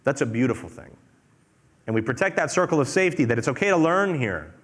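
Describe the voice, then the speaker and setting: Energetic man giving a talk in a reverberant hall. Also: mid-range voice, quick pace. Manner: energetic, repetitive, conversational. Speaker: company presenter. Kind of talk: conference talk.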